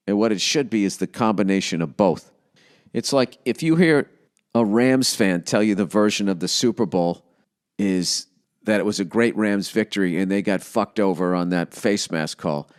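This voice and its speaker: A man hosting a podcast, ranting in a profane, rambling comic monologue. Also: low voice. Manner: profane, rambling, heavy swearing. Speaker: podcast host. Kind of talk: comedic monologue rant.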